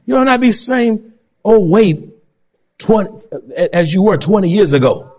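Lively high-voiced preacher. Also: male voice, measured pace, husky. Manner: animated preaching, acts out voices, breaks into shouts. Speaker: pastor. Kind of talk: sermon.

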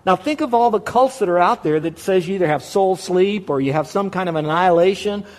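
A male pastor preaches in a voice set a little higher than most men's. He drives his points home with repetition. He poses questions and then answers them himself. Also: fairly quick, a little mellow. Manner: emphatic, repeats key words, asks and answers his own questions. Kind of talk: sermon.

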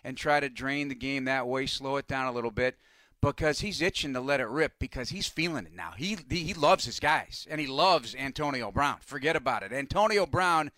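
A middle-aged man, a radio announcer calling in as a guest, talking about football in an energetic, chatty way. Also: medium pitch, a little fast, no room sound. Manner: energetic, chatty, laughs easily. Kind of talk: casual radio phone-in chat. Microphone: phone hotline.

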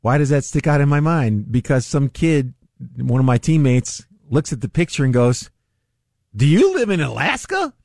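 A man's voice: mid-range voice, moderate pace, mellow, no echo. Older guy on talk radio, rambly and chuckly, dry studio sound. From Northeast Ohio. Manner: rambling, chuckling, self-deprecating. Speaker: radio talk show host. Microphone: studio microphone.

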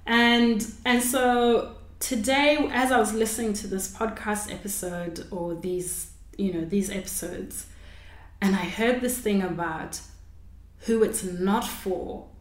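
A woman's voice: mid-range voice, slow. A woman hosting her own unscripted podcast, talking reflectively in a rambling way and correcting herself as she goes. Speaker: podcast host. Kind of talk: unscripted solo podcast talk. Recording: roomy echo.

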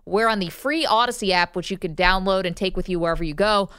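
A woman's voice: medium pitch, quick pace, a bit bright, smooth, dry recording, clean studio sound. A woman co-hosting a sports talk radio show, upbeat and playful in casual banter.

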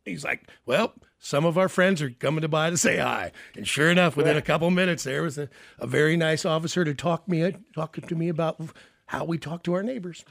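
A man hosting a casual talk show, telling crude, self-mocking stories in an animated way. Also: fairly high pitch, a little fast, vocal fry, dry recording, clean studio sound. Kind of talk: casual storytelling chat.

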